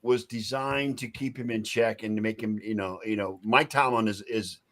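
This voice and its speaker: A man co-hosting a sports podcast, talking haltingly and restarting his sentences. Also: fairly low pitch, steady tone, a bit bright. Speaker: podcast co-host. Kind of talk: casual sports banter.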